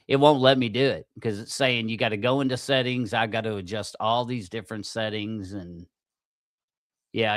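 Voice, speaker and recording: Cursing, easily riled podcast host. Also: male voice, on the low side, a bit bright, no room sound, studio quality. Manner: profane, easily aggravated, self-mocking. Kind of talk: casual livestream chat.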